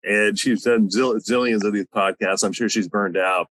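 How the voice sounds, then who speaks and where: A man's voice: on the low side, steady tone, normal speed, fairly bright tone, dry recording, poor audio. A man hosting a podcast in a loose, rambling, joking way over a video call. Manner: loose and rambling, with fillers and jokey asides. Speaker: podcast host. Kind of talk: casual podcast chat. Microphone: no headset, video call setup.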